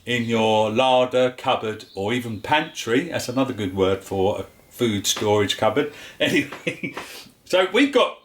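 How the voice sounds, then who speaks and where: A man with a London accent hosts a homemade cooking vlog in a relaxed, chatty way. He cracks little jokes and fills gaps with "um" and "uh." His voice sits in an ordinary middle pitch. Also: measured pace, a little hiss or hum. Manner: chatty and jokey, with filler words. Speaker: cooking show host. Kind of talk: casual home cooking vlog.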